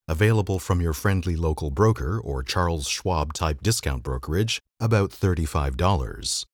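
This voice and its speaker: A man's voice: low-pitched, expressive, moderate pace, dry recording. A man hosting a podcast, reading an old magazine article aloud with a dry, wry delivery. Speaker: podcast host.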